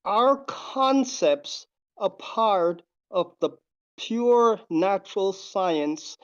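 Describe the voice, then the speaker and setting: A caller in a live debate who asks questions slowly and hesitantly, with many halts and fillers. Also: medium pitch, lively intonation, lo-fi sound. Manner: slow, hesitant, halting questions. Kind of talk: casual debate on a live call.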